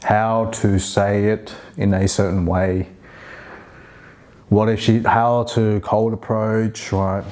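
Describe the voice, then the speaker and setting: Brief: male vlogger, mellow low voice, loose rambling monologue. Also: flat delivery, takes it slowly. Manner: rambling, many restarts and fillers. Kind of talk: casual monologue.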